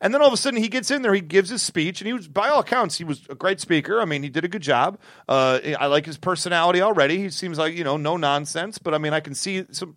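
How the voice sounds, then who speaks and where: A man with a slightly high voice co-hosts a loose sports chat, throwing in sarcastic jokes and quick asides. The sound is dry and close, with no room around him. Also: fairly bright tone, dry recording. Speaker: podcast co-host.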